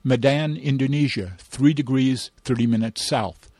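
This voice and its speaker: A man's voice: mid-range voice, measured pace, darkish tone, no echo, lightly acted. A man doing a polite robot servant. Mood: pedantic. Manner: formal, dutiful, punning.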